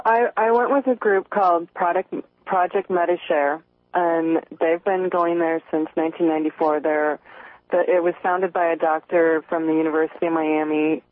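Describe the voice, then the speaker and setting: A woman nurse calls in to a radio show, talking excitedly and restarting her sentences often. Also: sits low, dry recording. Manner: excited, tumbling, many restarts. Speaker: nurse, caller. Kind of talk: phone-in call. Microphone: telephone. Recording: tinny phone line.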